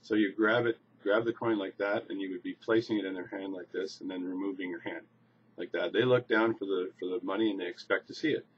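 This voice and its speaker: A man casually demonstrating a coin magic trick, relaxed and restarting phrases as he shows each move. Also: sits low, brisk, husky. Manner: relaxed, repeats words and restarts while demonstrating. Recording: slightly dull lo-fi recording with faint noise.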